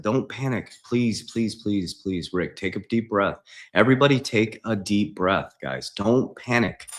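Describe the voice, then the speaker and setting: A man's voice: on the low side, expressive, moderate pace, a bit bright. A man as a financial coach on a livestream, emphatic and preachy, repeating his points. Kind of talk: livestream talk.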